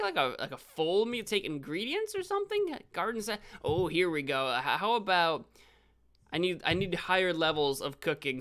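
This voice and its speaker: A young man live-streaming a video game, rambling and correcting himself, with sudden excited outbursts. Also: a little high, clean tone.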